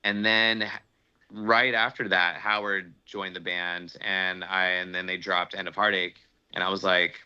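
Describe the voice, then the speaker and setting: A young man chatting casually as a podcast guest, excitable and rambling, swearing often as he gushes like a fan. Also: low-pitched, a little slow, clear, resonant tone. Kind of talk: casual chat. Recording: dull lo-fi sound.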